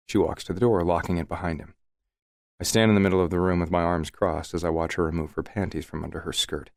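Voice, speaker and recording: A man narrating a first-person romance audiobook in a relaxed, wry manner. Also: low-pitched, fast, creaky, dry recording, clean studio sound.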